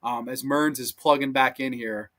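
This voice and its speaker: A man hosting a casual film-review stream, his voice bright and forceful. He talks excitedly, swears freely and drops in live chat comments. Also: medium pitch, moderate pace. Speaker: podcast host.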